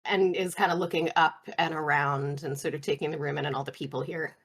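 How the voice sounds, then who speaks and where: A woman's voice: sits low, fairly even intonation, brisk, fairly bright tone, husky. Hesitant woman describing her character. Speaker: player. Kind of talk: casual tabletop chat.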